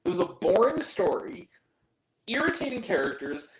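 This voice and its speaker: A man's voice: sits high, sing-song, moderate pace, echoey room, rough recording. A man giving a ranting movie review, exasperated and profane, with self-deprecating asides. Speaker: film reviewer.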